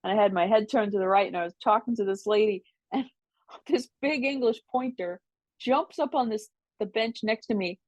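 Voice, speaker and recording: An older woman, a podcast guest, telling casual stories in an animated way, laughing often and mimicking voices. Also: a little high, no room sound. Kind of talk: casual storytelling. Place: New York City.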